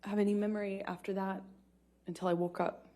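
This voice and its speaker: A woman testifying as a witness in a courtroom, speaking haltingly and shaken, with many restarts and her voice often dropping low. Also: flat delivery, mellow. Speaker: trial witness.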